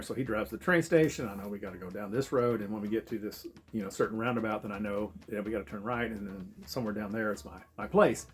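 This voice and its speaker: A man's voice: on the low side, brisk, breathy edge. A man telling a travel story in a casual, profane way, laughing as he goes. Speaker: travel vlogger.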